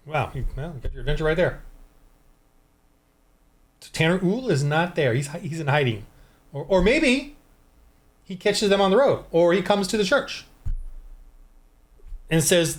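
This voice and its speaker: Higher-voiced man thinking aloud over dice rolls. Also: big pitch swings, moderate pace, long pauses. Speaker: tabletop game designer. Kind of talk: casual solo game-prep walkthrough. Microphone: desk microphone.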